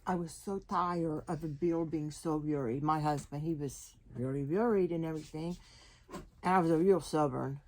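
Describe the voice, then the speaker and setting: A young woman telling a humorous personal story, animated and laughing often, with halting restarts. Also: deep voice. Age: young adult. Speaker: guest sharing her testimony.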